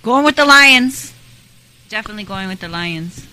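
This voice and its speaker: A woman's voice: mid-range voice, lively intonation, normal speed, pushed and bright, a little hiss or hum, low-quality recording. A woman co-hosting a podcast, chatting casually with playful banter and frequent giggles. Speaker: podcast co-host. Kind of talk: casual chat.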